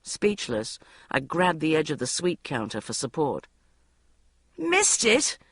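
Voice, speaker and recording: A woman narrates a comic diary audiobook in first person. Her pitch swings widely as she reads with wry, self-mocking expression. The recording is dry and close. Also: lively intonation, normal speed, husky, dry recording.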